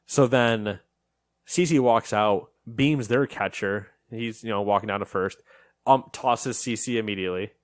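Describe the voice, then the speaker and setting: A man co-hosting a casual podcast chat, telling a story in an animated way and acting out what people said. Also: on the low side, unhurried, no echo. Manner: animated storytelling, acts out quotes. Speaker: podcast co-host.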